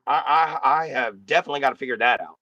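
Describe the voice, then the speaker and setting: A man's voice: mid-range voice, fast talker, pushed and bright, no echo, highs cut off. A man hosting a casual live stream, talking bluntly and folksily straight to his chat.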